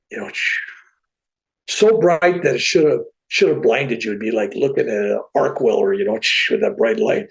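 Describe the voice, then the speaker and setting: Male podcast guest, mid-pitched with a gravelly rasp, relaxed and animated storyteller. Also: low-quality recording. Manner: animated, with a relaxed plain-spoken delivery. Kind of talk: casual spoken storytelling.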